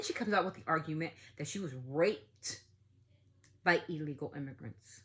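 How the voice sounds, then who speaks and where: A woman from the United States hosts a family podcast, giving casual opinions in a heated, outspoken way and swearing freely. Her voice is low-pitched, and she talks a little fast.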